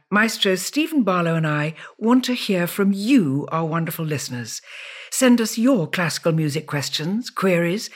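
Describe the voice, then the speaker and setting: A woman hosts a podcast with a husky, slightly breathy voice. Her pitch moves in a lively, animated way. She asks questions playfully. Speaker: podcast host. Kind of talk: podcast chat.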